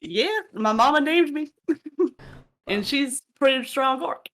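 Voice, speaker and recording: A woman's voice: high-pitched, expressive, slow, a bit bright, full character voice. A woman voicing a friendly young orc woman with a plain, good-natured manner.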